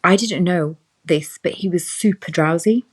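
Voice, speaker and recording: Chatty woman telling a story, slightly low voice. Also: moderate pace, husky. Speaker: podcast guest. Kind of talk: casual chat.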